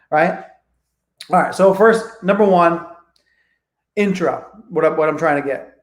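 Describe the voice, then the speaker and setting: A man's voice: fairly high pitch, measured pace, roomy sound. A man coaching a live online training who talks energetically, swears freely and acts out both sides of phone calls. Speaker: real estate coach.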